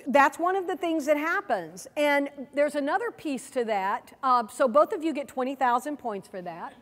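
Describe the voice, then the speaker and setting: A woman presenting a seminar workshop in a lively way, often asking the audience questions, recorded with a long hall reverb. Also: sits high, normal speed. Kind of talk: teaching a workshop.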